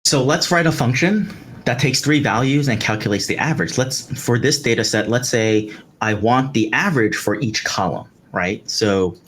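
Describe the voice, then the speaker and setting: A man's voice: mid-range voice, moderate pace, a bit bright, a little hiss or hum. A man teaching a live coding tutorial, explaining step by step with fillers like "um" and "right" as he works. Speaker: instructor. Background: keyboard typing.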